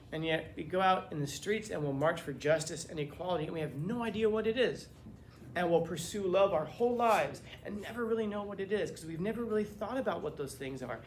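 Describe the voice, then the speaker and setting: Male teacher, classroom lecture, slightly higher voice, animated rhetorical questioning, faint room hum.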